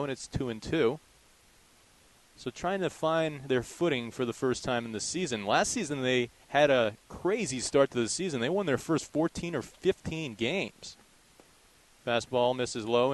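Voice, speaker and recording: A young male play-by-play announcer calling a college baseball game. He describes each pitch in an even, steady way. His voice sits at a middle pitch for a man. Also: poor audio. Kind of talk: live baseball play-by-play commentary.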